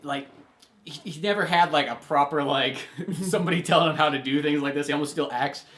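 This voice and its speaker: A man's voice: a little high, a little fast, a bit bright. A man co-hosting a podcast, chatting in an easygoing way about films. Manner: easygoing, chatty, laughs along. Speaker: podcast co-host. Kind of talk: casual film discussion.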